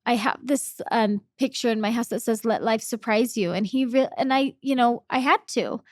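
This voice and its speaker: A young woman telling a personal story on a podcast, emotional and halting, repeating her words as feeling comes up. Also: on the high side, no echo, clean studio sound. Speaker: podcast guest.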